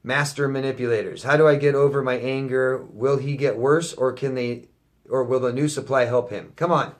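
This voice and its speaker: A man's voice: medium pitch, fairly even intonation, moderate pace. A man working as a life coach, answering viewer questions in a Q&A monologue. He talks bluntly, swears often and repeats his points for emphasis. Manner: blunt and profane, emphatic repetition; reads out viewer questions, then answers them.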